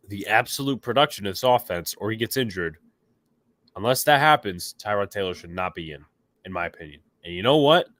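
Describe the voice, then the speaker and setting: A man's voice: lowish voice, fairly bright tone, no echo. A man hosting a casual sports podcast, opinionated and rambling, with a stuffy nose, reacting to chat comments. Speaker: podcast host.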